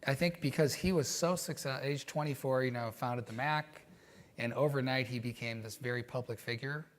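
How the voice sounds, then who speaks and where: A man being interviewed, telling stories in a reflective, animated way with many fillers. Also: medium pitch, moderate pace. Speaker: guest. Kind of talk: conversational interview storytelling.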